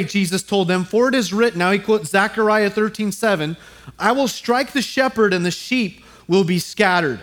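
A man's voice: high voice, unhurried. A man, a pastor, preaching a sermon, telling stories with humor, often repeating words as he restarts and talking right to the audience. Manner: storytelling with humor and audience asides; frequent restarts, animated and acting out voices.

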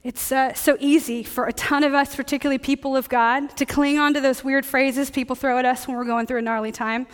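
Lady pastor, high voice, chatty jokey sermon, big echoey church hall. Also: level tone, fairly quick, few pauses. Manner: conversational, joking preaching.

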